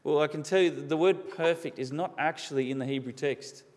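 A man preaches a sermon earnestly and searchingly, repeating key words to stress them. His voice is fairly high, brisk and somewhat dark in tone. A large hall gives the recording a long reverb.

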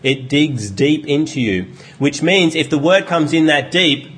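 A man's voice: on the high side, measured pace, fairly bright tone. A man preaching a sermon in a conversational way, asking his listeners rhetorical questions. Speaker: pastor.

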